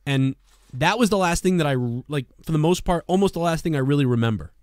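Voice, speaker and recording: A man's voice: on the high side, fast, no room sound, clean studio sound. Profane man telling a bar story. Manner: rambling, profane, animated storytelling. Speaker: podcast co-host. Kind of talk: casual storytelling.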